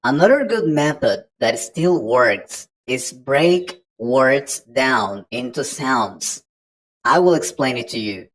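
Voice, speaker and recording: Woman English tutor, very low voice, slow and patient, walks learners through each point. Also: animated, low-quality recording. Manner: patient, explains step by step to the learner. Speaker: English teacher. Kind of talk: online pronunciation lesson.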